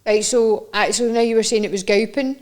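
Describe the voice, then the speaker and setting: A woman's voice: medium pitch, steady tone, a little fast, a little mellow. A young woman with a Scottish accent, co-hosting a podcast in casual, teasing chat and laughing often. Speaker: podcast co-host.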